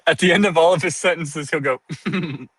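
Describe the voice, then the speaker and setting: A man's voice: a little high, brisk, fairly bright tone, husky, no room sound, low-quality recording. A sleepy man streaming casual chat to his viewers, giggling often between sentences and turning playfully dramatic.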